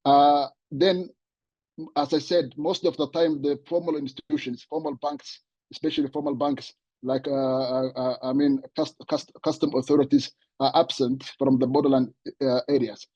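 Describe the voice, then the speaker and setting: A man gives a conference panel talk, stumbling often through fillers and repeated words. His voice is mellow and a little husky. The recording is dry and dull, with a lo-fi edge. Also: medium pitch, steady tone, normal speed, dry recording. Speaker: panel speaker.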